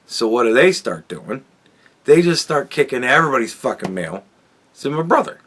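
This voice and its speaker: A man's voice: mid-range voice, sing-song, moderate pace, a bit bright, a little hiss or hum. A man hosting a podcast, telling a rambling, profane story in a casual monologue. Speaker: podcast host.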